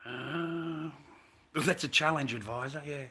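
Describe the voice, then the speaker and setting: Slightly high and husky, his pushed, bright voice moves at a measured pace. The Australian vlogger delivers a long, profane, repetitive story in casual monologue, speaking to the listener as mate and bro.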